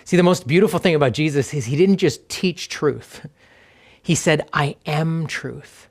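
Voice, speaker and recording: A man from Canada preaching a sermon as pastor, earnest and reflective, slowing down and letting line ends fall to a hush. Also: on the high side, animated. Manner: earnest, slows down for reflective pauses.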